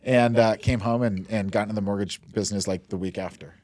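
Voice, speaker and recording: A mortgage lender in his forties from Denver, USA, guesting on a casual storytelling interview, rambles along with lots of "like" and "you know" and laughs easily. His voice is lowish, steady, and a little mellow, quick in pace, with no room sound.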